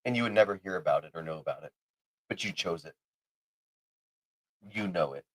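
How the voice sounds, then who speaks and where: A man's voice: deep voice, fairly quick, dry recording. A man co-hosting a casual podcast, easygoing and rambling, often giggling as he talks. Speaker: podcast co-host. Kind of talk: casual chat.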